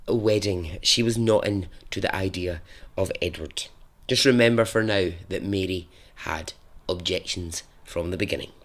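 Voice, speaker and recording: A man hosting a podcast, telling a story casually with chatty, laughing asides and rambling tangents. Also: on the low side.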